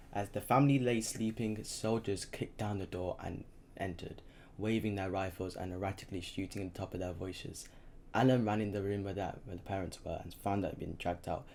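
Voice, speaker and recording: Low-voiced man reading a novel aloud. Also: gravelly, a little mellow, slight background noise. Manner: halting, with slips and restarts. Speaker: reader.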